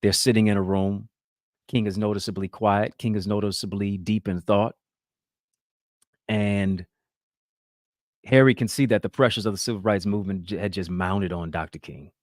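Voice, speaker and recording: A man's voice: on the low side, fairly even intonation, moderate pace, long pauses, darkish tone, no room sound, studio quality. A man hosting a talk show, giving emphatic, preacher-like motivational commentary.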